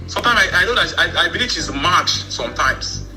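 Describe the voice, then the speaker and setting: A Nigerian man recounts his own story in a rambling, halting way, doubling back on his words. His voice is very bright and cutting, a bit higher than most men's, with faint music under it. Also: animated, poor audio. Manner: rambling, with many repeated words. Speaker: church member telling his story. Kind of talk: personal storytelling.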